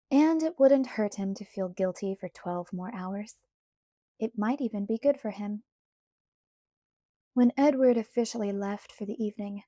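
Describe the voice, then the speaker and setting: Slow, mellow woman reading aloud. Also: medium pitch, no room sound, clean studio sound. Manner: unhurried first-person storytelling. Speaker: audiobook narrator. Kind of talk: scripted narration.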